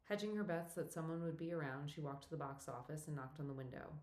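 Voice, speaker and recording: A woman with a low voice reads a novel aloud in a steady, even way. Her narration sounds scripted and measured. The recording has a roomy echo around it. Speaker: audiobook narrator.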